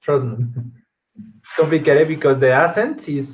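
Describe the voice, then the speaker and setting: A man whose native tongue is Spanish, leading an online class in halting English with grammar slips. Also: on the high side. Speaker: class leader. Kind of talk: casual online class talk. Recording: tinny video call line.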